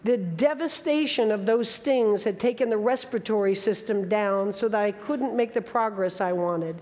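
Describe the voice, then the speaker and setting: A woman's voice: medium pitch, moderate pace, a little mellow, long reverb tail. A woman in her sixties telling a dramatic story on stage, with vivid, emphatic bursts. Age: 60s. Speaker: speaker. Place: large hall with an audience.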